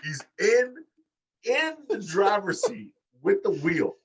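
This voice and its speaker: A man co-hosting a wrestling podcast in casual chat, profane and animated, acting out quotes in high voices. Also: takes it slowly, recorded from a distance, dull audio. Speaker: podcast co-host.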